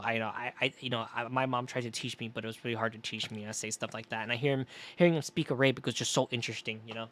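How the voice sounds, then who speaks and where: A man's voice: mid-range voice, animated, fast, sharp tone. Rambling, profane young male streamer. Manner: rambling, profane, with many fillers and restarts. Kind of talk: casual gaming stream chat.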